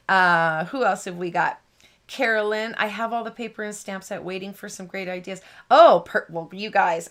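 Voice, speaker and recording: A woman hosts a craft live stream in a bubbly, rambling way. She laughs often as she chats with viewers. Her voice sits at a middle pitch. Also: fairly bright tone. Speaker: host of a card-making live stream. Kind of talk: chatty live-stream banter.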